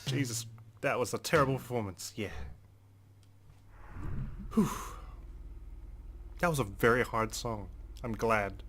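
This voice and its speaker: A man's voice: medium pitch, a little slow, pauses often, a bit bright, a little hiss or hum. A man hosting a let's play, chatting casually and self-mockingly while reading the game's dialogue aloud. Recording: game music playing behind.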